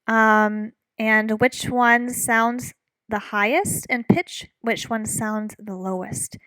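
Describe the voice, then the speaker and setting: A woman's voice: fairly high pitch, steady tone, slow pace, sharp tone, clean tone, no room sound, poor audio. A woman teaching a recorded music lecture, explaining patiently with frequent fillers. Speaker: music instructor.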